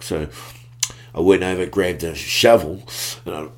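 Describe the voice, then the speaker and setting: A man, a podcast guest telling stories in relaxed slang that trails off and restarts. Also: low-pitched, brisk. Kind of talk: casual storytelling chat.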